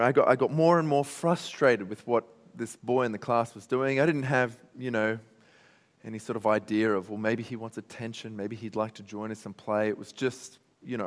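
A man with an Australian accent preaching a sermon, telling stories in a conversational way. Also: medium pitch. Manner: conversational storytelling. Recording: long reverb in a hall.

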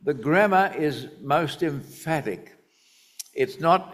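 A man preaching a sermon, teaching from the Bible in a deliberate, emphatic way. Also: medium pitch.

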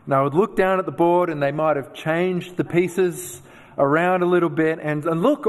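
A man preaching a sermon, telling personal stories with animated, self-deprecating asides. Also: fairly high pitch, moderate pace, long reverb tail. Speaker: pastor.

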